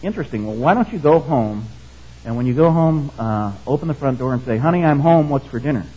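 A preacher voicing a calm, thoughtful doctor in a joke he tells in a sermon. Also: mid-range voice, a little fast, slightly rough, highs cut off. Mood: advising.

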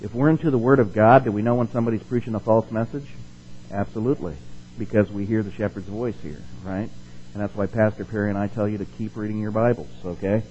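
A man's voice: lowish voice, steady tone, quick pace, dark tone, lo-fi sound, a little hiss or hum. A man preaching a sermon as pastor, reading scripture aloud with rising force and putting questions to his congregation.

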